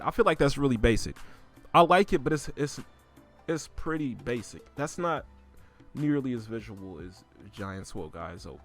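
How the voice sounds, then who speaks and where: A man in a casual, unscripted rant, full of slang and swearing. He talks at a mid pitch that spikes higher and louder whenever he gets riled up. Faint music sits in the background. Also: big pitch swings, moderate pace. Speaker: host reviewing rap lyrics.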